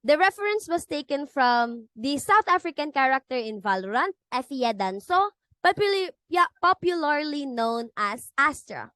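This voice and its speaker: A woman reads a lecture presentation from a script, catching on words now and then and restarting her sentences. Her voice sits high and moves through lively rises and falls. The sound is dry and close. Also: moderate pace, dry recording. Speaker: student presenter.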